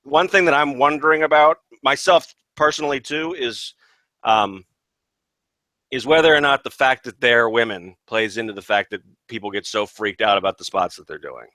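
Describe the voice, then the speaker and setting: A man's voice: mid-range voice, moderate pace, bright, forceful tone, no room sound. A man co-hosting a casual wrestling podcast, talking thoughtfully and hedging his points. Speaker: podcast co-host.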